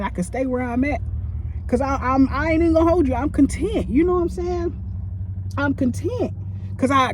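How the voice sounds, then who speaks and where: A woman who works as a cook, venting about her job in a profane, animated rant while she eats on camera, talking close into a phone. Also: a little hiss or hum. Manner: profane, animated, with big swings in pitch. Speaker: line cook. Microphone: phone held close.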